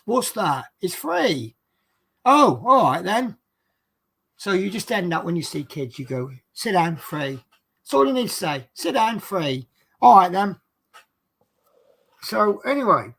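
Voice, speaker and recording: A man's voice: medium pitch, gravelly, a bit bright, slightly rough. A man working as a bus driver, telling rambling work stories in a casual, chatty way and acting out the dialogue. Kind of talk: casual storytelling monologue.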